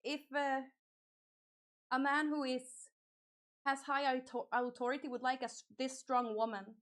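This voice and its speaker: A young woman streaming live, chatting casually and squealing excited thanks to donors. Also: sits high, a little slow, no echo, clean studio sound.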